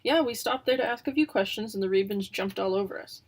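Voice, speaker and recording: A woman's voice: mid-range voice, quick pace, lightly acted. A woman voicing a sly, easygoing young female bird who has run off from her flock, in a storybook reading. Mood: offhand.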